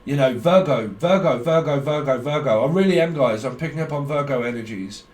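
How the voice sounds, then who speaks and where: A man's voice: mid-range voice, brisk, a little mellow. A man giving a rambling, blunt tarot reading, talking in a stream of consciousness and swearing freely. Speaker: tarot reader. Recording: echoey room, distant mic.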